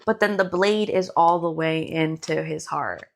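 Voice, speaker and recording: A woman co-hosting a podcast, casually recapping a book in animated detail, acting out the characters' lines and laughing often. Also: low-pitched, a little slow, creaky. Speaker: podcast co-host.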